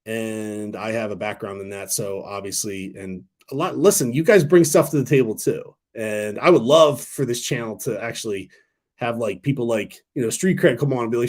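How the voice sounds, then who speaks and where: A man in his thirties hosting a casual stock talk livestream, rambling and excitable, swearing freely. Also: lowish voice, normal speed. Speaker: stock talk channel host.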